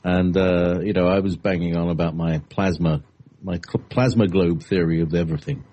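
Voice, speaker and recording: A man's voice: sits low, normal speed, warm tone. A man co-hosting a talk show, talking in a meandering, hesitant way with plenty of fillers. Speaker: co-host. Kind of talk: casual chat.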